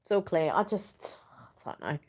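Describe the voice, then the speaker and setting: A woman's voice: on the low side, sing-song, normal speed, darkish tone, slightly rough. A young woman hosting a casual live chat from home, rambling and giggling as she reads viewers' comments. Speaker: live stream host.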